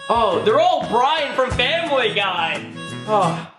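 A woman hosting a reaction video, shouting panicked exclamations at what she watches, in a roomy space with music behind. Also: on the high side, big pitch swings, slow. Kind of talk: excited reaction commentary. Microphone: headphones and desk mic.

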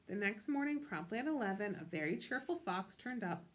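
A woman's voice: mid-range voice, sing-song, a little fast, heavy background noise. A woman reading a picture book aloud with expression, stopping to ask her listeners questions. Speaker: storytime reader.

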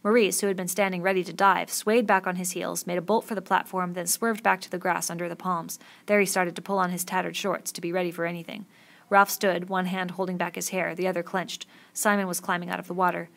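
Woman, audiobook narration, lowish voice, gravelly texture, steady expressive telling. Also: a little fast. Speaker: audiobook reader. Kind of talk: novel reading.

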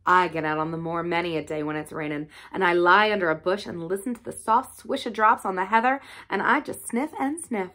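A woman's voice: on the low side, a little fast, few pauses, bright, forceful tone. A woman voicing a cheerful twelve-year-old moorland boy with a broad Yorkshire dialect and an easygoing, earthy manner.

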